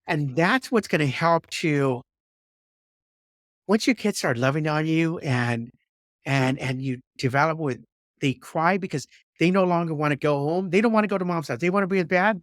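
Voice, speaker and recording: A man's voice: fairly high pitch, lively intonation, moderate pace, no echo, clean studio sound. A man hosting a podcast, speaking in an encouraging, emphatic way and repeating words as he talks. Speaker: podcast host. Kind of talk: conversational interview.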